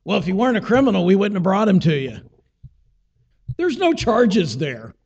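High-voiced male preacher in an echoing hall. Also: sing-song, moderate pace, darkish tone, breathy edge, muffled recording. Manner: teaching, acts out quoted voices, rhetorical questions. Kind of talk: sermon.

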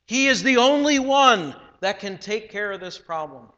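Male preacher, high bright voice, slow deliberate delivery, echoing hall. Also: lively intonation, highs cut off. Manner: measured, emphatic preaching with slowed phrases. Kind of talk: sermon. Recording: long hall reverb.

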